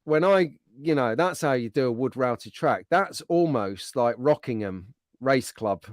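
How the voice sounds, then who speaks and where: A man's voice: mid-range voice, expressive, a little slow, no room sound, studio quality. A middle-aged man hosting a casual livestream, chatting and bantering in an upbeat way. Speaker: livestream host. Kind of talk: casual chat.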